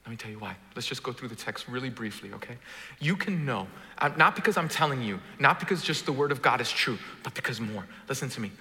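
A man preaching a sermon, jumping from booming, joking lines to hushed, quiet ones as he works the crowd. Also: fast. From Brooklyn. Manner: animated, swings from booming to hushed, jokes with the crowd. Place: church auditorium. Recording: large reverberant hall.

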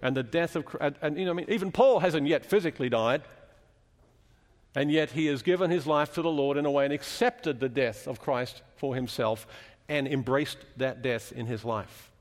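A man's voice: mid-range voice, moderate pace, in a large hall. A man preaching a sermon in a chapel, explaining scripture and asking the congregation questions as he teaches.

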